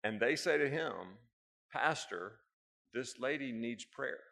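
American preacher telling a story. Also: male voice, slow pace, gravelly, fairly bright tone. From United States. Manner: storytelling, building to emphatic high bursts. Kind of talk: sermon. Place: church hall with a live congregation.

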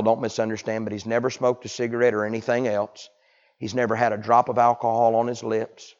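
Predicatore del Sud degli Stati Uniti, tono alla buona, tra sussurri e grida, voce media, registrazione spenta. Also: male voice, medium pitch, lo-fi sound. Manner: folksy, swings from hushed to loud cries. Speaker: pastor. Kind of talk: sermon.

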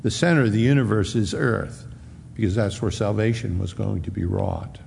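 Low gravelly guy preaching, earnest and slow on the verses, big echoey hall w faint room hum. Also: darkish tone. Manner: earnest and measured, slowing on scripture quotes. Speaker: pastor. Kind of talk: sermon.

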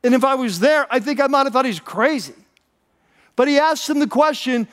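Animated high-voiced male preacher. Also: a little fast, in a large hall. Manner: animated, repeats words when excited. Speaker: pastor. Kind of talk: sermon storytelling.

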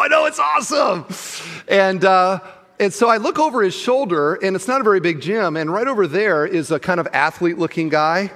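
A male pastor delivers his sermon in a slightly raised voice that carries a long echo from the large church space around him. He tells his story with animated energy, giving each person in it their own voice. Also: a little high. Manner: animated storyteller who acts out the people in the story.

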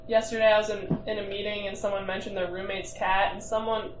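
A woman's voice: medium pitch, flat delivery, slight background noise. A woman in casual chat, telling an anecdote in an amused way. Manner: slow, amused storytelling. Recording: dull roomy sound.

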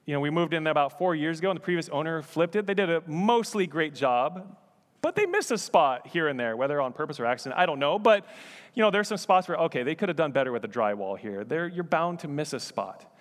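In a church sanctuary, a male pastor preaches a sermon in a fairly high, animated voice at a brisk pace. His delivery is conversational with joking asides, and the large hall echoes around him.

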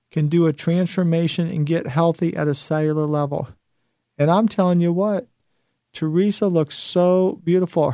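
A man's voice: fairly high pitch, creaky, mellow, dry recording, clean studio sound. A man hosting a motivational talk show, speaking emphatically and repeating phrases for effect. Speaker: host.

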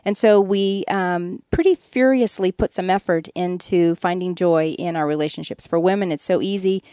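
A woman's voice: on the low side, normal speed, warm tone, clean tone, dry recording, clean studio sound. A woman guest on a radio interview, telling a candid, earnest story about her own life and poking fun at herself. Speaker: guest, author.

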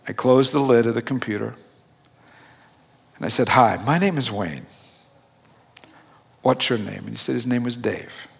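A man's voice: mid-range voice, moderate pace, creaky, long pauses, husky. A middle-aged man preaching a sermon, telling a personal story in a conversational, self-deprecating way. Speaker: pastor. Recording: long hall reverb.

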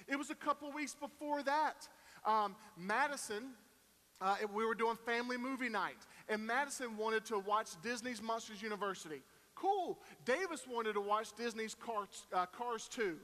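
A man's voice: extremely high pitch, normal speed, pushed and bright. A man in his thirties preaching in a large hall, telling folksy, self-deprecating family stories with many fillers. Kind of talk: storytelling sermon. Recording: echoey hall.

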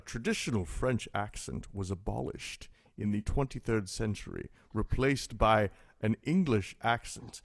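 A man voicing an older, proper starship captain in a formal, mock-serious comedic impression. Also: mid-range voice.

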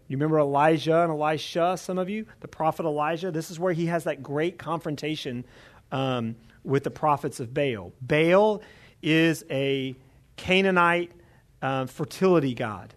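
His voice runs on the high side as he teaches from the Bible in sermon form. The delivery is animated and chatty, and he regularly checks in with those listening.

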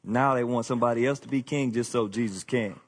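A man's voice: medium pitch, a little fast. A man preaching a sermon, with rising emphasis and casual asides to the congregation. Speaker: pastor.

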